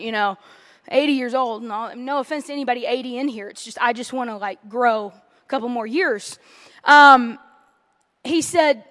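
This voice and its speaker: A young woman and missionary telling her story in a sermon, animated and self-deprecating, quoting others as she goes. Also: fairly high pitch, normal speed. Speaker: missionary and guest speaker. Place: church sanctuary. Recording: long reverb of a large hall.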